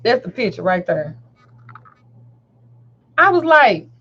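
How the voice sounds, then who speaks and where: A high-voiced woman tells a story full of cursing and laughter, acting out each quote herself. The sound is dull and lo-fi. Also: unhurried, long pauses. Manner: profane, animated storyteller who laughs often and acts out quotes. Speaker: host. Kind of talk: casual storytelling chat.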